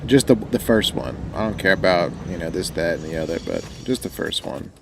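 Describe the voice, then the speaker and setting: Fairly quick and low-voiced, a young man with a mild rural American accent chats with viewers as he livestreams a game from his desk mic. He rambles, jokes, and often trails off, with background noise behind him.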